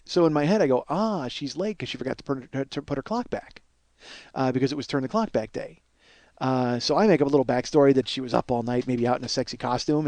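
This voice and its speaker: A podcast host in his forties tells a comic story full of profanity and self-mockery, getting loud and worked up along the way. His voice is medium-pitched, and the recording is dry.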